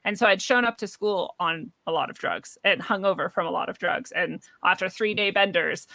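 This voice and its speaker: A young woman talks through a long personal story with a bright, tense edge to her voice. She laughs often and slips into other people's voices when quoting them. The sound is dry and close, with no room echo. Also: on the low side, moderate pace, creaky. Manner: animated, laughs often, acts out quoted voices. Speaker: guest. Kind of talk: conversational storytelling.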